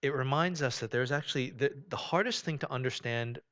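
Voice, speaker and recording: A man preaching a sermon in a conversational way, often saying "you know", swinging between loud, emphatic stretches and quiet, low ones. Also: brisk. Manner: conversational preaching, rising and falling in volume, frequent "you know". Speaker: pastor.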